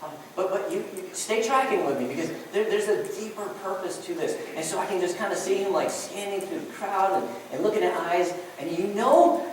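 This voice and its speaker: A woman preacher giving a sermon, telling the story in an animated way with many restarts. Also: medium pitch, a little fast, hardly any pauses, slight background noise. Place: church sanctuary. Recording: echoey church hall, mic far off.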